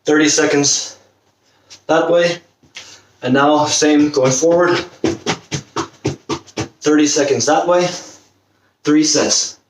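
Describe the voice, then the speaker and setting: A man's voice: fairly high pitch, steady tone, slow, pauses often. A man coaching a football fitness workout, encouraging and demonstrating the exercises as he talks, out of breath at times. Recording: roomy, distant camera mic, faint noise.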